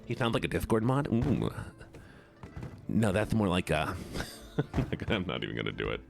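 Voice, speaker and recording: Guy streaming a game, low-ish voice that bounces around a lot, goofy and rambly, faint music behind. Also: huge pitch swings, a little slow, vocal fry. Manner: playful, rambling, stutters through repeated words. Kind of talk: casual live-stream chat while gaming.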